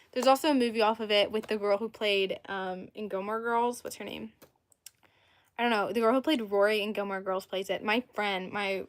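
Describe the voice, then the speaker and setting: An eighteen-year-old woman chatting casually on a livestream, rambling between topics and answering viewers' comments. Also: mid-range voice.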